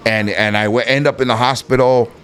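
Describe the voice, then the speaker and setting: A middle-aged man telling a long story in a casual interview, animated, swearing freely and acting out the other people in it. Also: medium pitch, brisk, smooth.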